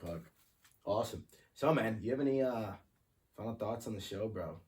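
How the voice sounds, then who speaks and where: Laid-back swearing podcast co-host. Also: male voice, lowish voice, normal speed, darkish tone. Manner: laid-back, swears often, laughs easily. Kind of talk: casual chat. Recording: distant mic with faint noise.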